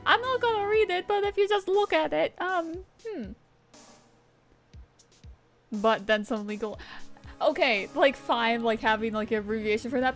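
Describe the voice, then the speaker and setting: A woman's voice: high voice, animated, normal speed, long pauses. A young woman streaming a game, chatting casually in a rambling, filler-heavy way and laughing often, with faint game music behind her. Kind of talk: casual gameplay commentary, reading game text aloud.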